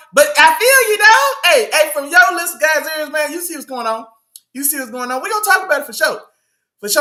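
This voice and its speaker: A man hosts a casual live sports talk stream. He talks in loose slang, greets his chat and says things twice. His voice sits high for a man and sounds bright and forceful. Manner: slangy, hypes up the live chat, repeats himself. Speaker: sports show host.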